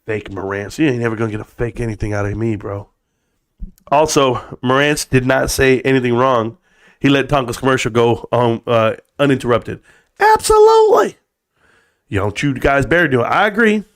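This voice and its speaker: A man's voice: medium pitch, brisk. A man hosting a casual live stream, rambling and joking in profane rants aimed at his viewers. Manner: addresses viewers as bro.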